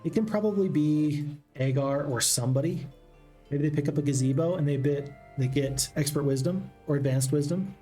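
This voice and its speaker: A man with a slightly high, mellow voice talks through his moves in a strategy game, chatty and musing aloud to his viewers. Faint game music plays underneath. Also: moderate pace. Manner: chatty, thinks aloud, addresses folks. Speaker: gaming channel host. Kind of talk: casual strategy game commentary.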